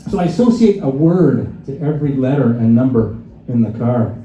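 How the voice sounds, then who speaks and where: A man's voice: mid-range voice, lively intonation, moderate pace, warm tone. A man doing a live stand-up set in a bar, sarcastic, acting out phone calls with mock-pompous asides. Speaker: stand-up comedian. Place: bar and grill stage before a laughing crowd. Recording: echoey bar room, dull lo-fi sound.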